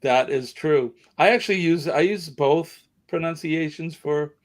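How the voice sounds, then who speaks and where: A man's voice: fairly high pitch, a little slow. A middle-aged man with a Boston accent, hosting a casual live chat in a rambling, self-deprecating way. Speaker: livestream host.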